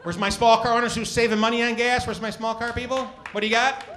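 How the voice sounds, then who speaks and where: A man doing stand-up comedy, loudly riffing with the crowd and swearing freely. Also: very high voice, level tone, fast talker, background noise. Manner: loud, profane, riffing with the audience. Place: comedy club stage. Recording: club audience laughing loudly.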